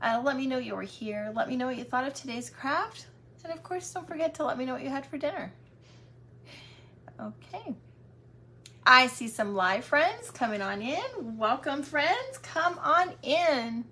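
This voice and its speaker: A woman's voice: high-pitched, sing-song, unhurried, bright, forceful tone. A woman hosting a craft livestream, chatting in a casual, affectionate and welcoming way. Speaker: craft channel host.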